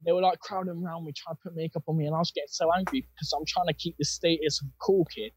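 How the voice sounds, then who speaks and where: A young man with a husky voice, telling his personal faith story in an earnest, rambling way with plenty of fillers. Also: a little high, fairly even intonation, very fast, a little hiss or hum. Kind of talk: casual personal testimony.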